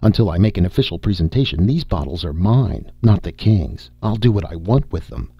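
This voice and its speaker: A man voicing a crafty, confident male rebel who talks smoothly and persuasively. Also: low voice, big pitch swings, brisk, no echo, dull audio, heavily acted. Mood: sly.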